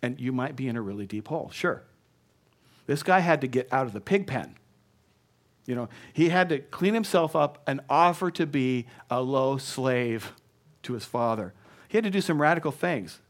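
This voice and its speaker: A man's voice: medium pitch, expressive, moderate pace. A male pastor preaching a sermon in a church, acting out excuses and bad apologies and leading the congregation in call and response.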